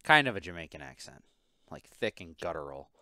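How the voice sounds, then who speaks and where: A man's voice: deep voice, very animated, a little fast, sharp tone, dry recording. A man hosting a casual podcast, telling a work story in a profane, exasperated way. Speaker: podcast host. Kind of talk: casual chat.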